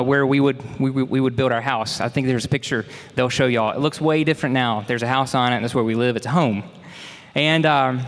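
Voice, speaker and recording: A man's voice: mid-range voice, a bit bright, big-room sound. A young man from Mississippi, preaching a sermon in a conversational, folksy way with asides to the congregation. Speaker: pastor.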